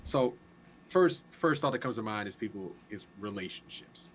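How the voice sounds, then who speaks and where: A man with a fairly low voice chatting on a talk show. He explains things calmly and works through everyday examples. Faint noise sits under his voice. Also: moderate pace, poor audio. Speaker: podcast co-host. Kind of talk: casual chat.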